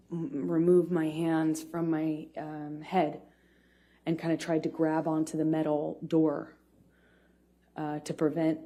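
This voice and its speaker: A woman testifying as a witness in court, speaking haltingly with frequent pauses and restarts. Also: sits low, dark tone.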